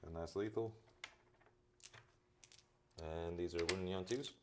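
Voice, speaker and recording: A man playing a tabletop wargame on a live stream, briskly calling out dice rolls and rules in casual chat. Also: low voice. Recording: loud background noise.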